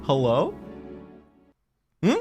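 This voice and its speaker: A man chatting to his viewers while he plays a game, excitable and gushing. His voice sits a little high and swings up and down a lot. Faint music plays underneath. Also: drawn-out words. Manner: excitable, gushing, talks to chat. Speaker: streamer. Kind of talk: casual game stream chat.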